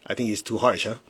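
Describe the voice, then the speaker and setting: A man's voice: mid-range voice, fairly bright tone, slight background noise. A man giving a live-streamed spiritual teaching in a blunt, emphatic way, with pointed rhetorical questions. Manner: mocks excuses with put-on quoted voices.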